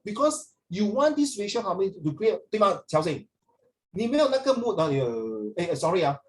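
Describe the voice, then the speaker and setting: A man's voice: high voice, lively intonation, fairly quick, low-quality recording. A male teacher runs a loose, chatty lesson. He flips between English and Mandarin mid-sentence and keeps teasing his students. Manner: playful, teasing. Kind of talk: casual classroom lesson.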